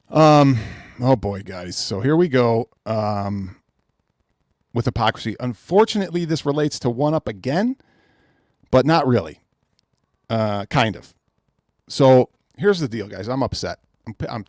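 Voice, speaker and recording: A man's voice: medium pitch, darkish tone, dry recording, studio quality. A man hosting a live-streamed gaming podcast, ranting in an exasperated way, repeating himself and reading out names from the chat. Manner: exasperated, repetitive, reads chat names aloud. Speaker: podcast host.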